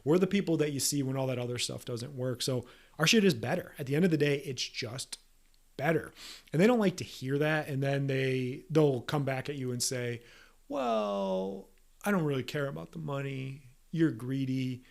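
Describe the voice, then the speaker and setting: A man hosting a podcast, ranting in a combative, emphatic way and swearing freely while he talks about his work as a soft tissue practitioner. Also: mid-range voice, fairly quick.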